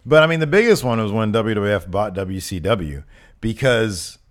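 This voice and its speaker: Male co-host, lively pitch, jokey banter, reads viewer mail aloud. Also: normal speed. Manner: animated, jokey, reads fan letters. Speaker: wrestling podcast co-host. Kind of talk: casual chat. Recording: live-streamed show set.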